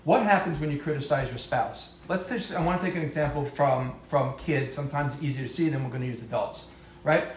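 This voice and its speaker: A man's voice: a little high, a little fast, slight background noise. A man giving a conversational talk to a live audience, acting out quoted voices and joking about himself. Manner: conversational, acts out quoted voices, self-deprecating humor. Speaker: speaker giving a talk on marriage and parenting. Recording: echoey room.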